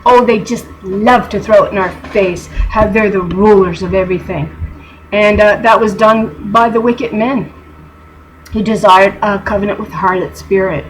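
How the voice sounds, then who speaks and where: A woman's voice: medium pitch, fairly even intonation, moderate pace, slight background noise, poor audio. A woman teaching from scripture in a video, reading verses aloud and commenting on them emphatically. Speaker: bible teacher.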